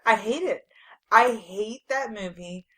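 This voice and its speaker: A woman's voice: mid-range voice, measured pace, a bit bright, low-quality recording. Young woman ranting about a movie she hates, blunt and jokey, casual podcast chat. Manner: blunt, exasperated, joking. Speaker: podcast co-host.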